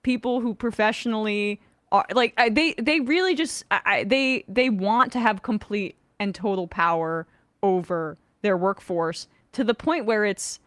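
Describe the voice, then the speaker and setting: Halting woman host, dry mic. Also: medium pitch, fairly bright tone, no echo. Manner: halting, searching phrasing with many restarts. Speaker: show host. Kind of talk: casual conversational interview.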